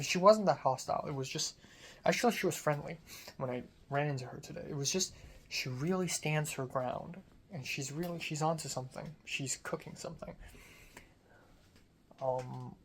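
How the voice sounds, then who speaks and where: A young film student rambles through a casual video diary. The talk is self-deprecating and loose, with casual swearing mixed in. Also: medium pitch. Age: young adult.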